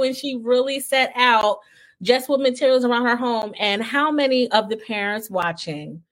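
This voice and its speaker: A woman's voice: on the high side, fairly bright tone. Chatty laughing woman host. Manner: enthusiastic, laughs often, chatty with fillers. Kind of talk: casual interview chat.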